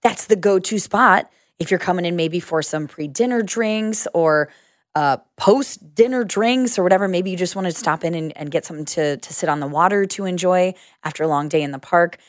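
A woman's voice: lowish voice, moderate pace, no room sound. Woman, upbeat co-host, casual chat, dry close sound. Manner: upbeat, enthusiastic.

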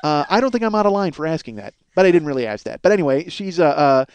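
A man's voice: on the high side, sing-song, fast talker, a little hiss or hum. A middle-aged man telling a rambling, self-mocking comic story as a podcast host. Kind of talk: casual comedic monologue.

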